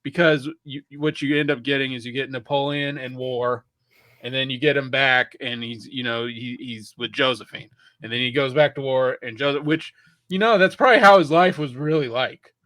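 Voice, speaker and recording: A man's voice: mid-range voice, moderate pace, fairly bright tone, no room sound. A man co-hosting a podcast, chatting casually about a film with lots of restarts and the odd curse word. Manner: rambling with many restarts and casual swearing. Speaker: podcast co-host. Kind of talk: casual film review chat.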